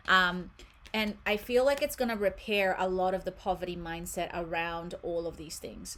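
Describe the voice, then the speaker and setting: A lower-pitched woman talking through a tarot reading in a loose, conversational way. She is animated and laughs easily, and she stumbles and restarts as she goes. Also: slight background noise. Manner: chatty and animated, laughing, many fillers and self-corrections. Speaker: tarot card reader. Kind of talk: casual live reading for a viewer.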